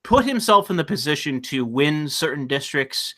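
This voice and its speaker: A man's voice: fairly high pitch, lively intonation, moderate pace, fairly bright tone. A man hosting a casual online political chat, talking in a loose, profane, ranting way and often repeating words as he goes. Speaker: host.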